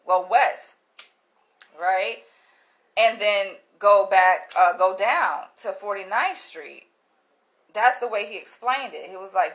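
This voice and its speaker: A woman vlogging, telling a story in a casual, animated way, swearing freely, laughing and acting out what others said. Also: mid-range voice. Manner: animated, profane, laughs often, acts out quotes.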